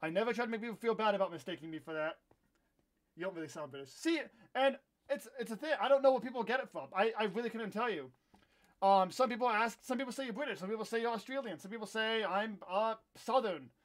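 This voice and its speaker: A young man from Iowa in his twenties, hosting a live gameplay stream and chatting in a rambling way, with sudden loud outbursts when the game goes wrong. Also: sits high, lively intonation, fast talker. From Iowa, USA. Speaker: livestream host. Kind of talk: casual live gameplay chat.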